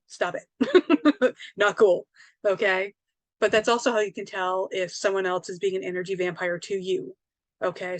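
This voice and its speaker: A woman's voice: medium pitch, dry recording. Chatty woman teaching a spiritual class. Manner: animated, chatty, laughs often, frequent "okay?" and "right?". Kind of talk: live online class, casual teaching.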